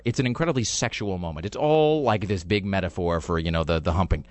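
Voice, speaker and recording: Brief: male podcast host, mocking and sarcastic, very animated pitch, casual rambling. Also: no echo. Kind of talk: casual chat.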